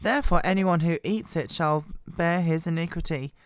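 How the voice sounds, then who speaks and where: A woman with a bad cold, hoarse and quiet, her voice wobbling as she reads scripture aloud close to the microphone. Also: no echo. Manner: quiet, halting, voice wobbling in pitch. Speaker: Bible reader. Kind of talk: slow scripture reading.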